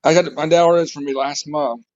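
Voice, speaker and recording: Slightly higher man on a lo-fi call. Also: steady tone, fast talker, darkish tone. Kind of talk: casual video-call chat. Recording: dull lo-fi call audio.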